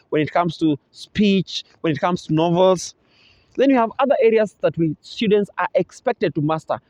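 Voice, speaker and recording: A man's voice: on the high side, a little mellow, dry recording. A man with a Kenyan English accent, a teacher giving an exam revision lecture, explaining patiently and acting out pronunciation examples. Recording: dull, dry close recording.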